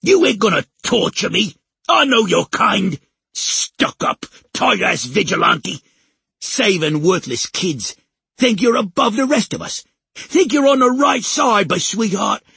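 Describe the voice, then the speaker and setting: A woman voicing a foul-mouthed, defiant young male thug in an audiobook, with rough street talk and a raspy edge. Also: mid-range voice, lively intonation, unhurried, a bit bright, no room sound, full character voice. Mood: defiant, sneering. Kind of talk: audiobook character voice.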